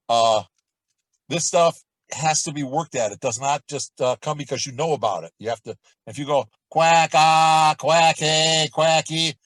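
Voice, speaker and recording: A middle-aged man coaching a vocal warm-up lesson, talking in a relaxed, chatty way between loud sung demonstrations. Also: mid-range voice, husky, dry recording, poor audio. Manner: demonstrates exercises with loud sung shouts and quacks.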